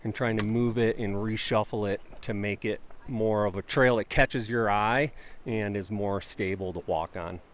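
A man's voice: lowish voice, fairly even intonation, moderate pace, a little hiss or hum. A man working on a trail, casually explaining the work in an outdoor interview. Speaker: park trail worker. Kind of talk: interview on location.

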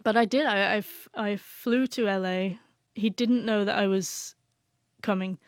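A young adult woman, an author appearing as a guest, sincerely tells an emotional personal story while stuttering and repeating sounds. Her medium-pitched voice has fairly even intonation and a measured pace, recorded on a dry close mic with no echo.

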